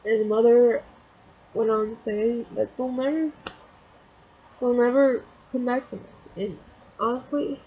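A woman vlogger retelling a story, emotional and halting, near tears, with many restarts. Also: fairly high pitch, steady tone, husky, lo-fi sound. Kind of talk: personal vlog, retelling a story.

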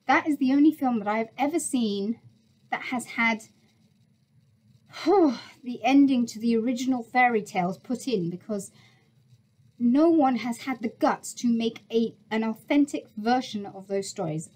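Heated, high-voiced woman venting. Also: normal speed, a little mellow, low-quality recording. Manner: heated, indignant, swears, stumbles and restarts. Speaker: vlogger. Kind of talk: angry ranting monologue.

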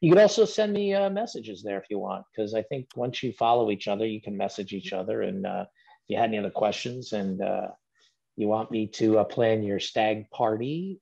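A man's voice: fairly low pitch, normal speed, vocal fry, lo-fi sound. A middle-aged man, a guest actor, chatting casually and rambling with fillers on a video call. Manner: relaxed, rambling with fillers and restarts. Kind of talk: casual podcast chat.

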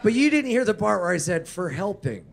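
A man's voice: sits high, very animated, normal speed, vocal fry. A man co-hosting a comedy podcast, bantering playfully with jokey, provocative remarks.

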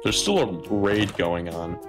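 A man giving casual let's-play commentary, excitable and repeating himself when startled. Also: low voice, a little slow. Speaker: gamer. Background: game music.

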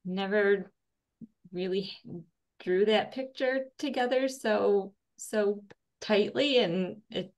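A woman in a Bible study group, thanking the leader in a slow, grateful way. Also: medium pitch, a little mellow. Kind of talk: group discussion.

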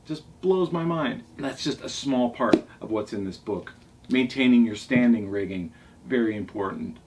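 A man's voice: medium pitch, moderate pace. A man who sails, showing off his favorite books in a casual, rambling way, talking eagerly and often restarting his sentences. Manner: enthusiastic, rambling, with restarts and asides. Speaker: sailing vlogger showing his library. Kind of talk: casual show-and-tell. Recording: distant mic, faint background noise.

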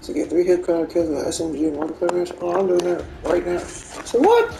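A woman giving casual, animated gameplay commentary, swearing freely and retelling what her teammates say. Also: on the low side, fast talker, gravelly, a little hiss or hum, rough recording. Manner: animated, profane, retells teammates' reactions with laughter. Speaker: gamer streaming gameplay.

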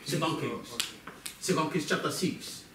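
A man with a rather high voice preaches a sermon at an unhurried pace in a church hall. He is animated, acting out voices and putting questions to the congregation. The mic sits far off in the echoey hall, and background noise can be heard.

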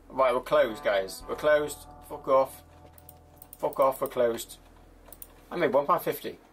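A man's voice: medium pitch, takes it slowly, pauses often, faint music behind. A young man commentating a game with jokes, chatting to customers in a mock shopkeeper voice. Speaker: gaming YouTuber. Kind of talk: comedic gameplay commentary.

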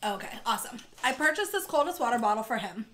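A woman's voice: fairly high pitch, animated, fast talker, fairly bright tone, a little hiss or hum. A woman co-hosting a food vlog, chatting casually and telling a story while eating. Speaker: vlog co-host.

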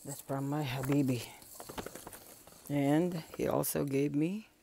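A woman's voice: sits low, slow pace, vocal fry, mellow, a little hiss or hum. A woman vlogger chatting casually while unboxing gifts, gushing and emotional, laughing often. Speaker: channel founder.

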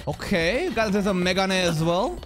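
An anime reaction streamer giving excitable, profane live commentary and laughing often. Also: medium pitch, moderate pace, music in the background.

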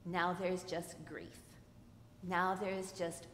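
A woman giving a sermon as a guest preacher, expressive, moving between hushed lines and loud emphatic ones and asking the congregation questions. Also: fairly high pitch, unhurried, slight background noise. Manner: speaks directly to the congregation with questions. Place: church sanctuary. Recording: echoey church with long reverb.

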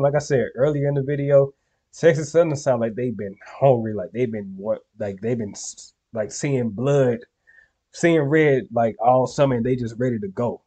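A man's voice: medium pitch, warm tone. A young man hosting a reaction video, talking casually and loosely to his viewers in slang, often checking in with "you feel me.". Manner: laid-back slangy talk to viewers, frequent "you feel me".

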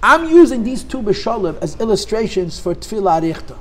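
A man's voice: sits high, very animated, a little fast, fairly bright tone, a little hiss or hum. A man teaching a conversational Torah class, emphatic, asking rhetorical questions and repeating words as he rephrases.

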